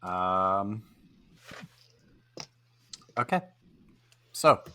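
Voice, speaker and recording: Slow low-voiced man running the game. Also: lively intonation, pushed and bright, slight background noise. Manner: slow, hesitant with fillers. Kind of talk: casual tabletop game talk.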